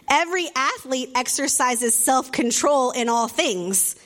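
A woman pastor giving a sermon, telling a story with animated asides and acting out the people in it. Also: sits high, slow pace.

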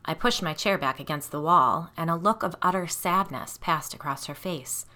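A woman's voice: deep voice, moderate pace, few pauses, sharp tone. A woman reading a first-person story aloud in a conversational way, with asides to her listeners.

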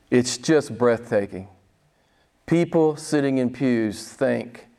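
A middle-aged man, a pastor, preaching a sermon in an emphatic way and repeating lines for stress. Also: fairly high pitch.

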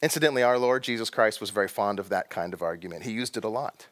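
A Texas pastor delivers a sermon to his congregation in a conversational style, stretching out key words and posing rhetorical questions. His voice sits on the low side, and he talks fast.

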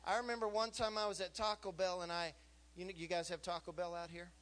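A man in his fifties delivers a sermon quickly, with a fairly high voice and an animated, joking style, repeatedly putting questions to the congregation. The live church recording carries a faint hum underneath.

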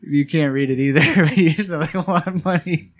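A man with a slightly higher voice who trades deadpan quips in casual podcast banter and keeps stretching an absurd bit. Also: moderate pace. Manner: dry one-liners. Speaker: podcast co-host.

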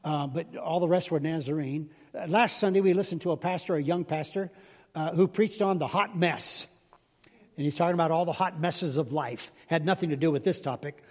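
Older man, pastor, high-pitched voice, chatty joking sermon, long church reverb. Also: fairly quick. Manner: chatty, self-deprecating storyteller, acts out voices in jokes. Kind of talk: folksy sermon with jokes. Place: church sanctuary.

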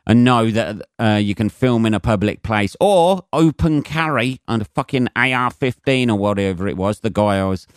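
Recorded with clean studio quality and no echo, this British man has a lowish, clear voice as he hosts his podcast. He rambles and swears through a lengthy solo rant, mocking people with put-on voices.

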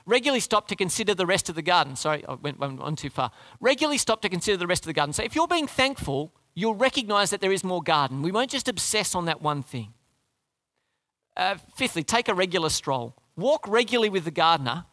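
A male pastor delivers a sermon with a high, lively voice that leaps around in pitch. He is emphatic and keeps firing rhetorical questions at the congregation, and the sound is close and dry. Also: brisk, no room sound.

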